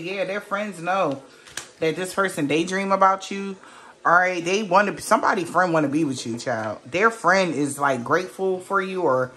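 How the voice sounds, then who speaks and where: A woman's voice: on the low side, fairly bright tone, slight background noise. A woman giving a casual tarot reading to a viewer, blunt and emphatic, swearing freely and firing off rhetorical questions. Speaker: tarot reader.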